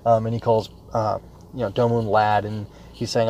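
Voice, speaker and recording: A man's voice: lowish voice, level tone, moderate pace, a little mellow, lo-fi sound, slight background noise. A man hosting his own podcast, talking casually and rambling with lots of fillers and restarts. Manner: rambling, many fillers and self-corrections. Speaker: podcast host. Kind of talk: casual solo podcast talk. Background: smooth jazz music.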